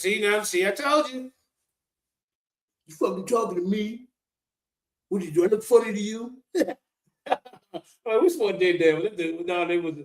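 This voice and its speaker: A man's voice: high voice, bright, forceful tone. A man giving loose, joking reaction commentary, cursing freely and talking straight to his viewers.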